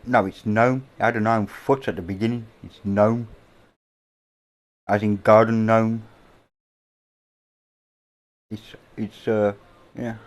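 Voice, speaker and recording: A middle-aged man with an English accent talks through a casual livestream from indoors at home. His voice sits a little low, and he rambles along in an offhand way, dropping the odd casual swear word. He speaks close to a boom-mounted microphone. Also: flat delivery, unhurried, pauses often. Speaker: livestream host.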